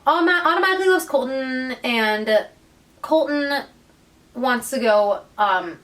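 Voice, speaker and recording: A woman's voice: high voice, unhurried, far from the mic, poor audio. A woman co-hosting a podcast, casually retelling a book's plot and acting out the characters' lines. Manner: animated storyteller, acts out characters' lines. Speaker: podcast co-host.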